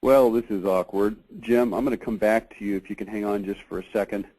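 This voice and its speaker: A man hosting a casual conference call, chatty and halting, with many fillers. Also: fairly low pitch, steady tone, mellow, low-quality recording. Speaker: host of a marketing review call.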